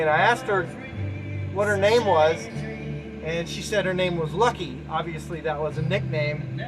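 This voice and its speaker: Rambling middle-aged man, fairly high voice. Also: low-quality recording. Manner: rambling, candid, with many restarts and fillers. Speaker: musician explaining his album. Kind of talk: casual talk to camera, track by track. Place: small converted backyard shed studio. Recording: music playing clearly behind the voice.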